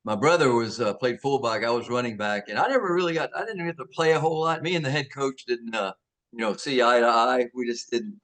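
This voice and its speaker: A man's voice: mid-range voice, fairly quick, a bit bright. A man in his sixties from Georgia with a Southern American accent, telling stories as an interview guest in a folksy, laughing way. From Georgia, USA. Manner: folksy, laughing, acts out quotes. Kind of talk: casual storytelling.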